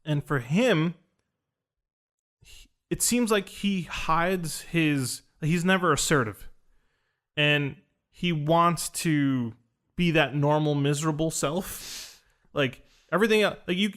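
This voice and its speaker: A man telling a personal story in casual conversation, acting out the dialogue he quotes. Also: on the high side. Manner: animated, acts out quoted dialogue. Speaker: podcast host recounting an experience.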